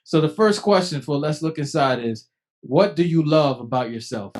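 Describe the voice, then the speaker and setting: A man hosting a podcast in a casual interview, easygoing and quick to laugh. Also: fairly high pitch, animated. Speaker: podcast host.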